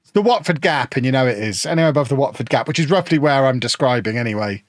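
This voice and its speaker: A man's voice: mid-range voice, animated, fast talker, no room sound. Chatty streamer man, dry close sound. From Peterborough, England. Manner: chatty, joking, answering chat. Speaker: livestreamer playing a football management game. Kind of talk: casual live-stream chat.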